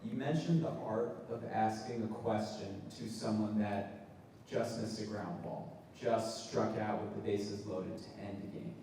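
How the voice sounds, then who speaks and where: A man's voice: fairly low pitch, measured pace, dark tone. A young man in the audience asking an earnest, straightforward question. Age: young adult. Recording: distant, echoey hall with faint noise.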